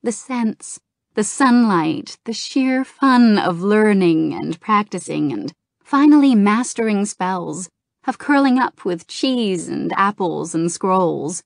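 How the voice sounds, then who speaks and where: A woman's voice: medium pitch, lively intonation, slow, vocal fry, dry recording, studio quality, voice pushed up. A woman reading as a wistful young woman mage. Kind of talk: audiobook reading.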